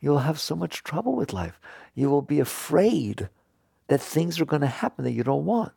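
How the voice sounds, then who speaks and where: A man giving an earnest spiritual talk to an audience, now and then laughing and jumping up in pitch for emphasis. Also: big pitch swings, moderate pace, vocal fry, warm tone, husky, no echo, clean studio sound. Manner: earnest, laughs and jumps high when emphatic. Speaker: spiritual teacher.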